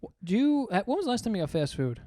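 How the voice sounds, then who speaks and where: A man's voice: high voice, very animated, very fast, dark tone, no room sound, clean studio sound. A young man co-hosting a comedy podcast, talking loosely, joking and swearing casually. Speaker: podcast co-host. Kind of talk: casual chat.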